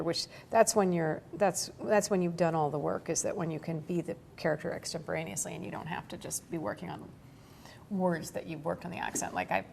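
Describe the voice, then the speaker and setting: A woman in her forties chats through an interview with a fairly low voice. She tells her stories with energy, piles on fillers and laughs often, over a faint low rumble. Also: creaky. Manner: animated storytelling, laughs often, many fillers. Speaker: actor guest. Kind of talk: casual interview chat.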